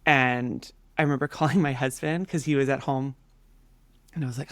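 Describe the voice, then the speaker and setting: A woman in her thirties, a podcast guest, telling a story in a casual, animated way with many fillers. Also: extremely low pitch, moderate pace, dry recording. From Canada.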